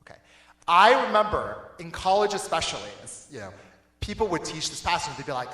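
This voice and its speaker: A young adult man giving a casual youth sermon, lively and conversational, laughing often and checking in with the listeners. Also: mid-range voice, fast, reverberant. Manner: animated, laughing, conversational with frequent "right?" and "okay?". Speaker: youth pastor. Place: church hall.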